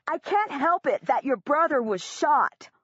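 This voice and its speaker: Picture a hostile schoolboy bully who shouts and snaps, a woman reading him with a raised, strained pitch and a sharply different edge to the voice. The sound is dull and muffled, with a dry, close feel. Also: sing-song, a little slow, dry recording, exaggerated voice. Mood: defensive shouting. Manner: shouting, defensive. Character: angry defensive schoolboy bully.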